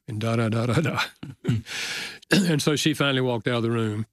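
A man's voice: mid-range voice, dry recording. Older man, earnest guest storyteller, dry close mic. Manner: earnest, slows down for emotional moments. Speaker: author and guest. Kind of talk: storytelling in a podcast interview.

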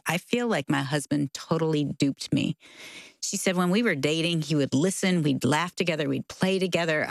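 A woman's voice: deep voice, creaky, no echo. A woman in her sixties co-hosting a radio talk show, reacting expressively and asking questions. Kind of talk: conversational interview.

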